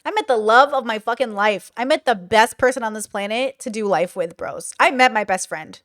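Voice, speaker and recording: A woman's voice: fairly high pitch, brisk, fairly bright tone, dry recording, studio quality. A young woman doing reaction commentary on her channel, blunt, sarcastic and swearing freely. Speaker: YouTube commentator.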